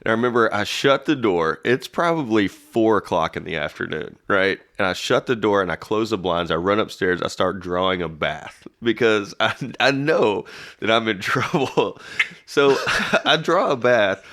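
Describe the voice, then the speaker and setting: A man co-hosting a casual podcast, spinning a childhood story. His voice sits very low, and his easygoing telling is broken up by chuckles. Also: moderate pace. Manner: relaxed storyteller, laughs through his story. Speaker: podcast co-host.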